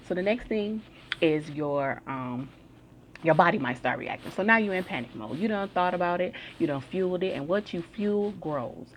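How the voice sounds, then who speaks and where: A woman's voice: on the low side, expressive, moderate pace, a little hiss or hum. A woman giving a casual self-help talk, telling everyday stories in a chatty, slangy way. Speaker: motivational speaker.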